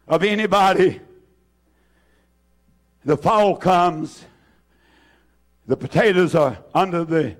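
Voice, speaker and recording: A high-pitched man preaches to his church with fervor. He repeats his phrases, rises to loud cries, then drops to soft, hushed lines. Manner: fervent, repetitive, swings from loud to hushed. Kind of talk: impassioned sermon.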